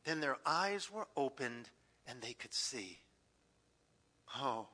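A man preaching a sermon, animated, swinging between loud outbursts and hushed asides. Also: mid-range voice, takes it slowly. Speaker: pastor. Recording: echoey hall.

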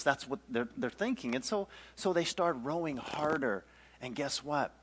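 A man's voice: fairly high pitch, moderate pace, husky. A man teaching a Bible story in a casual, playful way, acting out scenes and joking along the way. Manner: animated, playful, acts out the story with jokes.

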